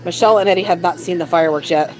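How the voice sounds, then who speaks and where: A woman's voice: on the low side, racing, darkish tone, low-quality recording. A woman co-hosting a casual livestream from a shop late at night. She is sleepy and silly, laughing and reading chat messages aloud. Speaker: livestream co-host.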